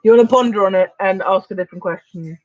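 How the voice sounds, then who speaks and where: Woman from Switzerland, live-stream co-host, casual chat, quick filler-heavy talk, dry sound. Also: medium pitch, darkish tone, no room sound, muffled recording, soft background music. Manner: chatty and quick, with lots of "like" fillers.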